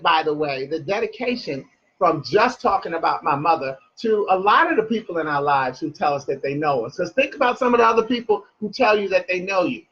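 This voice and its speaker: A man's voice: high-pitched, fairly bright tone, slightly rough, dull audio. A man giving a casual motivational talk to viewers, reading his own poem, with playful asides and repeated phrases. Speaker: motivational speaker and poet.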